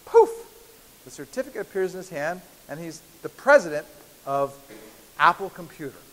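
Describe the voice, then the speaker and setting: A man addresses a university biochemistry class at a moderate pace, his slightly bright voice on the high side and swinging widely in pitch. He's playful and conversational, frequently checking in with students, in a large hall recorded with hiss and long reverb.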